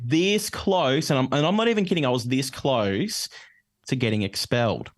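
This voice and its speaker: A man's voice: mid-range voice, normal speed, dry recording, clean studio sound. A man co-hosting a podcast, speaking earnestly and reflectively in casual chat. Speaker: podcast co-host.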